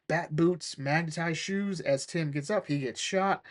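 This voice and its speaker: A man with a slightly raised pitch talks through a comic book story in a loose, conversational way. He is animated and laughs easily, breaking into quick impressions of the characters as he recaps the plot. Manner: animated, laughs often, acts out characters' lines.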